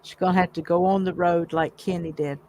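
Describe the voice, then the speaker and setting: A woman hosting a livestream in casual chat, reading viewer comments aloud in a chatty, warm way. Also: fairly low pitch, steady tone, a little fast, low-quality recording. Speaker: livestream host.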